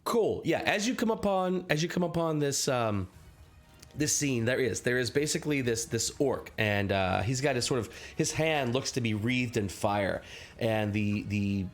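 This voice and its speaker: A man running a tabletop game on a live stream, narrating scenes in a halting, scattered way and saying he is sick. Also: medium pitch, expressive, faint music behind. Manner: scattered, halting, lots of restarts. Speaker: game master.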